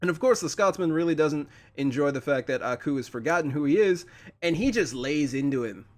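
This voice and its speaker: A man hosting a casual episode reaction review, chatty and quick with frequent laughs. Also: on the high side, animated. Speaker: channel host.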